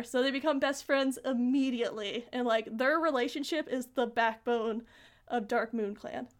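A young woman with a high voice talks in a casual podcast chat. She tells the story animatedly and gushes like an eager fan, often stopping herself mid-thought. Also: normal speed. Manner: animated, gushing fan retelling.

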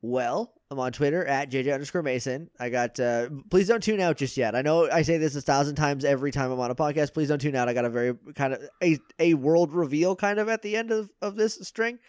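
A man guest on a podcast, chatting casually and plugging his shows with quick asides. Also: fairly high pitch, a little mellow, smooth, no echo, clean studio sound.

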